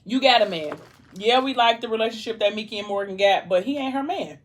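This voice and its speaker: A woman's voice: a little high, animated, fairly quick. Woman, vlogger, casual book recap, chatty storyteller, reads out dialogue.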